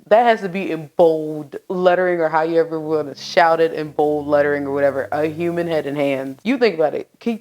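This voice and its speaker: A woman with a notably low voice hosts a true crime channel. She tells the case in a loose, chatty way, cursing and laughing at her own asides. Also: rough recording. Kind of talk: casual storytelling commentary.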